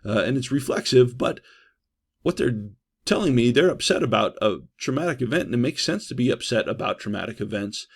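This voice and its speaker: A man giving a trauma-response training lecture in a conversational way, often checking in with "right?" and pausing on "uh". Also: medium pitch, lively intonation, creaky, breathy edge. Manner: conversational, frequent "right?" and "uh" fillers.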